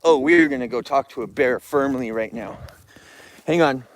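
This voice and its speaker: A man's voice: mid-range voice, steady tone, a little fast. A man live-streaming outdoors near bears, ranting about rude viewers and scolding the animals in a rambling chat.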